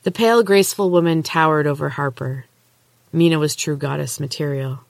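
A woman podcast host narrating a novel chapter aloud in a steady, measured way. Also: deep voice, creaky, no room sound. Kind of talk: storybook narration.

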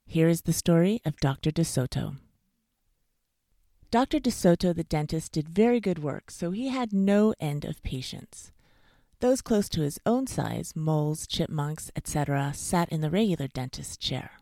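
A woman reading a bedtime storybook aloud in a cozy, expressive way. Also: deep voice, normal speed, no room sound, studio quality.

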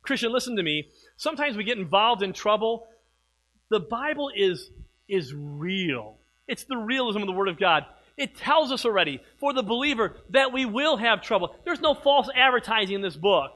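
A middle-aged man preaching a sermon, swinging from hushed, slow passages to loud, emphatic ones. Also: sits high, expressive, poor audio. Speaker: pastor.

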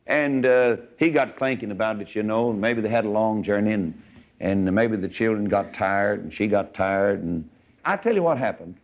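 A man's voice: fairly low pitch, moderate pace. A man preaching a sermon in a folksy storytelling way, acting out the voices of the people in his story. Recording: dull lo-fi recording.

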